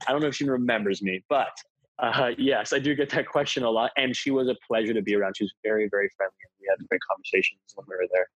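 A man's voice: on the low side, fast, fairly bright tone, breathy edge, no room sound, poor audio. A man being interviewed about his acting work, chatty and self-deprecating, slipping jokes into his answers. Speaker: actor, interview guest. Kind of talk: casual interview chat.

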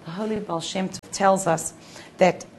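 A woman's voice: mid-range voice, fairly even intonation, moderate pace, darkish tone, slight background noise. A woman teaching Torah to a group, telling a personal story in a conversational way with frequent restarts.

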